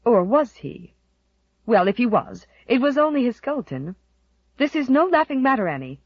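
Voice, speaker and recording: A woman's voice: on the high side, big pitch swings, normal speed, breathy edge, dry recording, dull audio, pitched above the performer's own voice, exaggerated voice. A woman voicing a querulous elderly spinster aunt in an audiobook, complaining and dwelling on dire omens. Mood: ominous. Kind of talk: audiobook character voice.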